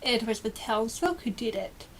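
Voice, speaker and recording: Woman reading a stern scheming male lord, storybook, harsh mutter, higher pitch. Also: lively intonation, moderate pace, a little hiss or hum. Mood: sly.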